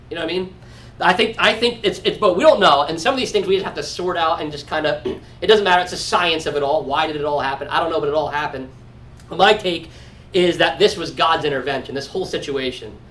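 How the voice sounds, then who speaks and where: Male pastor, conversational Bible teacher, lively impressions, distant mic. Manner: animated, acts out quoted lines with sudden high-pitched outbursts; conversational, frequent restarts and asides. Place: church. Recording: distant mic in a room with faint background noise.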